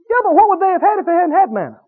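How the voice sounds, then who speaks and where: A man preaching a sermon, emphatic and animated, stretching key words for effect. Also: extremely high pitch, racing. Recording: tinny phone-like radio broadcast.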